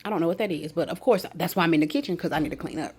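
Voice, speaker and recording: A woman with a somewhat low voice talks loosely into her phone at home, drifting from one thought to the next. She is casual and rambling, with exasperated asides now and then. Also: very fast, darkish tone, slightly rough. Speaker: vlogger. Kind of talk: casual day-in-the-life vlog.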